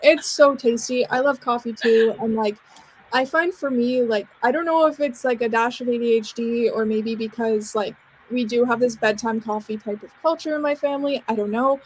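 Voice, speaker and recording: A woman's voice: on the high side, normal speed, a little hiss or hum. Chatty Canadian woman podcast host. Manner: chatty, rambling, laughs often. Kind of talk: casual interview chat.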